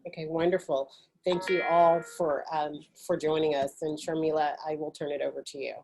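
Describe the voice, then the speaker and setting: A woman's voice: deep voice, level tone, normal speed, creaky, a little mellow, soft background music, low-quality recording. A woman with a Southern US accent moderating a webinar, introducing panelists with hesitant, filler-heavy speech. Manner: hesitant, many fillers, apologetic. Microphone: video call.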